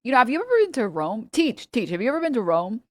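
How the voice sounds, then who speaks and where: A woman's voice: on the high side, sing-song, fast, dry recording, studio quality, pitched above the performer's own voice. A woman voicing a teenage schoolboy who stalls his teacher with eager, friendly questions. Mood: fake-curious.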